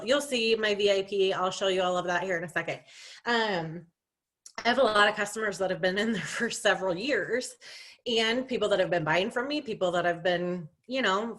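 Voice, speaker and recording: A young woman with a medium-pitched, slightly bright voice runs an informal video-call training for her sales staff. She's chatty and self-deprecating, restarting sentences and leaning heavily on fillers.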